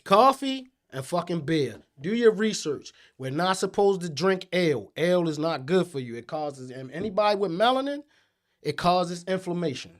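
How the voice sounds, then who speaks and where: A man, co-hosting a casual chat, profane and animated with loud outbursts. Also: high-pitched, normal speed. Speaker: podcast co-host.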